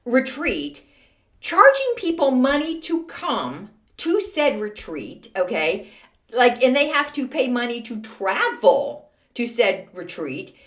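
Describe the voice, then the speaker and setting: Woman, middle-aged, podcast host, casual monologue, self-deprecating, very lively intonation. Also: sits high. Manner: chatty, self-deprecating, animated storytelling.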